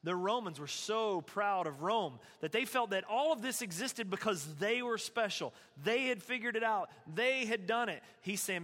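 Male preacher, high bright voice, casual animated sermon delivery. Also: normal speed, few pauses, big-room sound. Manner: conversational, animated preaching with scripture reading. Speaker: pastor.

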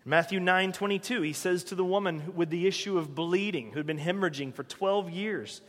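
A man's voice: sits high, a little fast, a bit bright, big-room sound. A man preaching a sermon in a conversational way, asking his listeners rhetorical questions. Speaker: pastor.

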